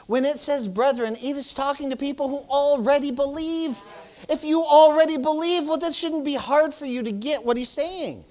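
With a high voice and a moderate pace, a pastor preaches casually, filling the sermon with "praise the Lord" and "hallelujah." He pushes the congregation forcefully.

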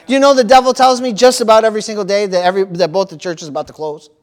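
A man preaching a sermon in a church, lively and playful, acting out panicked voices and calling out to the congregation. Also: high-pitched, racing. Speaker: pastor.

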